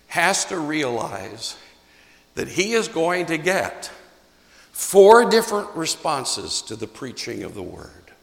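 A man's voice: a little high, vocal fry, fairly bright tone. A man preaching a sermon as a pastor, emphatic and repeating key phrases for stress. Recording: echoey hall, long reverb.

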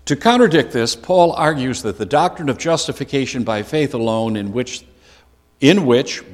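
Earnest man teaching Bible study, lively pitch. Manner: earnest, repeats key phrases for emphasis. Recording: long reverb of a large hall.

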